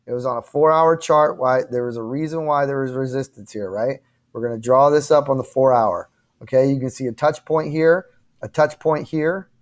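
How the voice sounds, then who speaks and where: A man's voice: mid-range voice, moderate pace. A man hosting a trading channel, talking viewers through charts in a casual, emphatic way, often checking in with "okay?" and "right?". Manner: emphatic, repetitive, addresses viewers directly with frequent "okay?" and "right?"; apologetic and frustrated at times. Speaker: crypto trading channel host.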